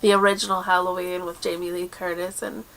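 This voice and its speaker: A woman hosting a crafting video podcast in casual chat, chatty and quick with asides, laughing often. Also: lowish voice, level tone, gravelly, a bit bright. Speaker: podcast host.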